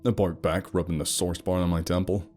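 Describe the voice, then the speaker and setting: A man's voice: deep voice, level tone, brisk, darkish tone, faint music behind. A man narrating a first-person romance horror story in a wry, sarcastic storytelling manner.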